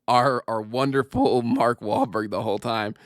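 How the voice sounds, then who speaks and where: A man hosting a podcast in casual, joking chat, animated and quick with asides, laughing often. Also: mid-range voice, no room sound, studio quality. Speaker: podcast host.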